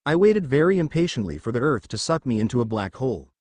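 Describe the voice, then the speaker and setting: A man narrating first-person fan fiction in an even, steady storytelling voice. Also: medium pitch, fast talker, no room sound.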